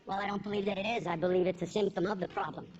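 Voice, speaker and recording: A woman's voice: mid-range voice, steady tone, rapid-fire, voice pushed down, natural voice. A woman voicing a long-winded, pompous male TV pundit who lectures in a droning way. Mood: lecturing. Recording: dull lo-fi recording with loud crowd.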